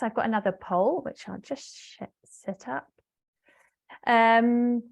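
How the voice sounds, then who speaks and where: A woman business English trainer giving an online webinar, explaining step by step with frequent fillers and pauses. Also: on the high side. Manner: hesitant fillers, explanatory, talks to a live audience.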